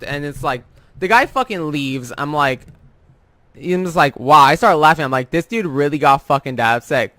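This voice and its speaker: Young guy venting about work, swears a lot, kinda high voice, dry close sound. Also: expressive, moderate pace, bright, forceful tone, no echo. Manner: profane, rambling storytelling with many fillers. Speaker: vlogger. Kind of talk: casual rant about work.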